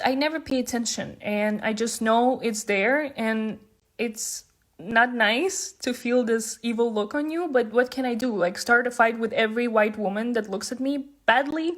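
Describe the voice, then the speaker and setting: A young woman vlogger telling a story to the camera, animated and indignant, with frequent swearing. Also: on the high side. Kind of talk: storytime vlog.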